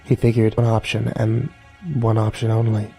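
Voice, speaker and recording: A man reading a horror story aloud in a measured, dramatic narration. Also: lowish voice, monotone, vocal fry, dark tone. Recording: faint music underneath.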